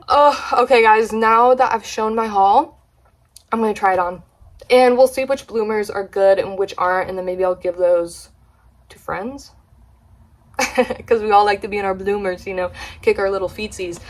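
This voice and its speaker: A woman's voice: mid-range voice, moderate pace. A young woman vlogger chatting casually, retelling a story with slang and gossipy asides.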